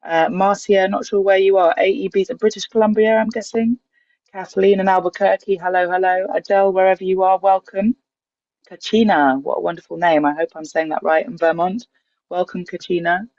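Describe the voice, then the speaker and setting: Over a video call, a woman runs an online singing session, greeting people one by one by name and location before leading a breathing warm-up. Her mid-range voice is level in tone at a normal speed, with no echo, and the audio is dull and dry.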